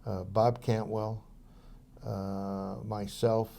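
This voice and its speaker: A mellow-voiced older man recounts his memories as an interview guest. He talks in loose, rambling sentences, full of fillers and false starts. His storytelling is relaxed and anecdotal. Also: lowish voice, drawn-out words, vocal fry. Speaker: interview guest, former police officer.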